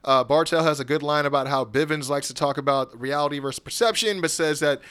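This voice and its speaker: A man recapping wrestling in casual podcast chat, animated, laughing often and mimicking wrestlers' promos. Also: fairly high pitch, fast talker, clean tone. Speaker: podcast co-host.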